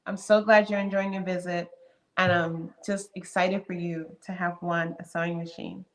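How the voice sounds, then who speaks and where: A woman's voice: on the low side, little pitch movement, moderate pace. A woman in her fifties hosting a live stream, chatting casually and greeting viewers one by one by name. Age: 50s. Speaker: livestream host.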